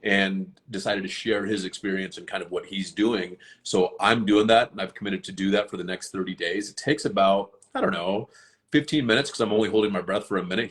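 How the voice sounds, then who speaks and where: A man's voice: on the low side, brisk. A man chatting casually on a live stream, earnest and rambling, with many fillers and restarts. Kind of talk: casual chat.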